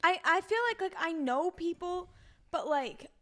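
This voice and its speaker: A woman's voice: extremely high pitch, fairly bright tone. Chatty teenage girl, 'like' every other word. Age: teens. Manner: fast, filler-heavy teen talk with lots of 'like'. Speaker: podcast co-host. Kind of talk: casual chat.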